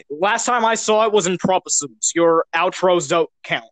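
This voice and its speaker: A man's voice: sits high, normal speed, a bit bright, no room sound, poor audio. A young man co-hosting a podcast, casual and crude, rambling and playful. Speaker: podcast co-host. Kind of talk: casual chat.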